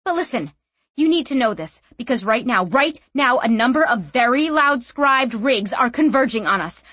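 Brash defiant young woman, blunt and swearing, higher voice, played by the woman narrator. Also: animated, moderate pace, bright, forceful tone, husky, dry recording, heavily acted. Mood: urgent.

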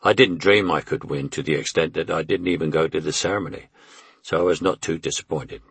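A man's voice: extremely low pitch, steady tone, fairly quick, creaky, fairly bright tone, slightly rough, dry recording. A man in his eighties with a London Cockney accent, reading his memoir in a wry, conversational way. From England. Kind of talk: audiobook memoir narration.

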